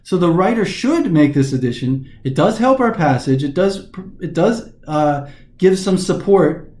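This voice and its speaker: A man with a fairly high voice talks through test questions in a recorded lesson. He restarts his sentences often as he explains. The room around him rings with echo. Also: lively intonation, measured pace, darkish tone. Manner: explanatory, frequent restarts and fillers. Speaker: test prep instructor.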